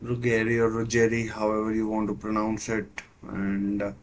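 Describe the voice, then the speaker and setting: A man's voice: fairly low pitch, monotone, normal speed, rough recording. A man hosting a live football watchalong, giving hesitant play-by-play with many fillers and restarts. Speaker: watchalong host. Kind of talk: live match commentary watchalong.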